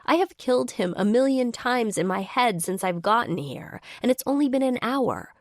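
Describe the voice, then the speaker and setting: A woman narrating a first-person romance audiobook in an expressive, wry manner. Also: a little high, moderate pace, no room sound, clean studio sound.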